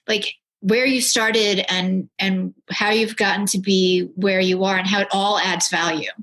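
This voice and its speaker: A woman's voice: medium pitch, steady tone, a little slow, a bit bright. A woman hosting a podcast interview, affirming her guest and asking her questions. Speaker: podcast host. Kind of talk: conversational interview.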